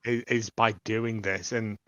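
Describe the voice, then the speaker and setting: Slow, bright-voiced man, lo-fi podcast. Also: fairly low pitch, level tone, dry recording. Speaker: podcast co-host. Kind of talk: casual chat.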